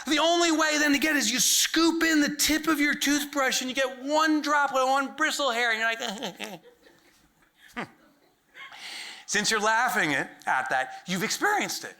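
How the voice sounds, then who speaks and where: A man giving a comedic keynote talk to a live audience, acting out little voices and shouting punchlines. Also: very high-pitched, slight background noise. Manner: animated, acts out silly voices, shouts punchlines. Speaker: keynote speaker. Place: large event hall with live audience.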